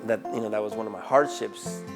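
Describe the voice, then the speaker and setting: A man with an Arkansas accent, Spanish his first language, telling his life story in an interview in a lively conversational way. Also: lowish voice, quick pace, vocal fry. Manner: animated, conversational, asks "right?" often. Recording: music playing underneath.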